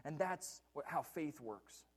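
Man, high-pitched, pastor, church sermon, repeats lines, asks questions. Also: lively intonation, slow pace. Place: church, preaching from the pulpit.

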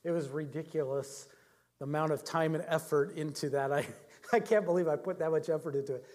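Man, middle-aged pastor, sermon, chatty storytelling, slightly high voice. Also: fairly even intonation, a little fast, a little mellow. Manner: conversational storytelling, chuckles often. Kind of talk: sermon with personal anecdotes.

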